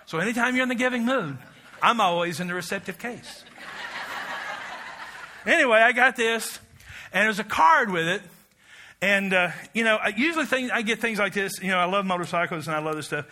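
Bright, high-voiced animated male preacher. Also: brisk. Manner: animated storytelling, self-mocking, rising to loud exclamations. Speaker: pastor. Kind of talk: sermon.

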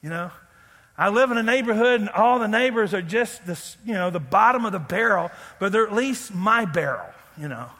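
A man preaching a sermon as pastor, animated, acting out loud pleading prayers and making joking asides. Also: high voice, fairly quick, big-room sound.

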